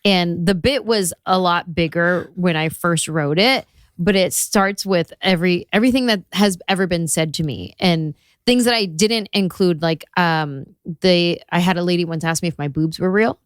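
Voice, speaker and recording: A woman's voice: lowish voice, moderate pace, smooth, no echo. A woman from California in her thirties, a comedian telling stories in a casual interview and slipping into character voices. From California, USA. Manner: animated storyteller who slips into character voices. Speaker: guest comedian.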